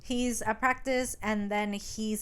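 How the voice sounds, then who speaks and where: A young woman co-hosting a podcast, recapping a book in a lively, profane, joking way. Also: on the high side, slow pace, clear, resonant tone. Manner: animated, profane storytelling. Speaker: podcast co-host. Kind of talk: casual chat.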